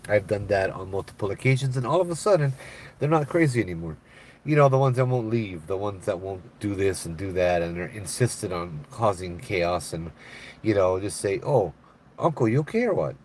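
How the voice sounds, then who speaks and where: A middle-aged man with a Hawaiian Pidgin-tinged English accent tells stories on a casual live stream chat, his low voice moving at a normal speed over a little hiss or hum. He's laid-back and laughs often, getting animated whenever he quotes other people.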